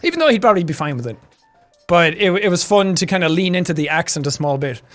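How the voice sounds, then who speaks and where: A young Irish man chatting casually on a stream, animated and quick to laugh. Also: fairly high pitch, soft background music. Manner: animated, chatty, laughs often, slips into character voices.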